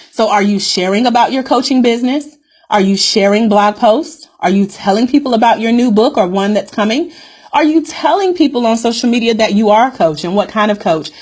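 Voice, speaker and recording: A woman's voice: medium pitch, animated, a little fast, a little mellow. A woman business coach hosting a live-streamed coaching call, upbeat and direct, calling her viewers "guys" and repeating her key points.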